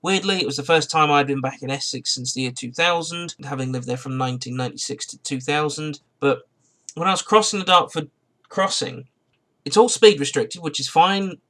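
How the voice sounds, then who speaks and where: A man's voice: fairly high pitch, a little fast, sharp tone. A man who has just got out of bed, telling a rambling, digressive story to camera in a car vlog and often correcting himself. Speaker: car vlogger.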